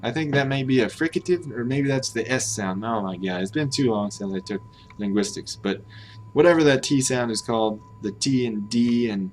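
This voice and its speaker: He's an American man running a language-learning live stream, chatting casually while he hesitates and fixes what he says mid-thought. Medium pitch, moderate pace, with a faint hiss or hum.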